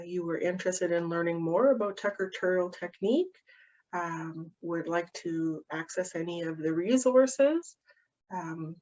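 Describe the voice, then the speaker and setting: A woman practitioner gently and patiently walking parents through a calming activity for children, with frequent ums. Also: lowish voice. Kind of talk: instructional walkthrough of a calming activity. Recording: dull, muffled audio.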